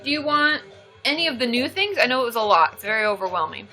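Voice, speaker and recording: Cheerful livestream host, woman, high and bouncy voice, chatty and excitable. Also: fast talker, soft background music. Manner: bubbly and excitable, cheering and giggling often. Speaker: therapist hosting a live stream. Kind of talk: casual livestream chat reading viewer comments.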